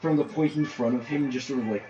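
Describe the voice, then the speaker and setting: A man running a tabletop game, narrating in a halting way with many fillers. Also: medium pitch, warm tone, reverberant, muffled recording. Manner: halting, filler-heavy storytelling. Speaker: game master.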